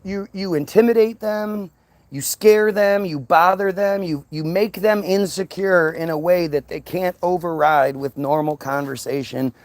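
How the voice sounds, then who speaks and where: A man's voice: sits high, creaky, dry recording. A man ranting into the camera in a heated, profane monologue, stammering and repeating words. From United States. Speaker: vlogger.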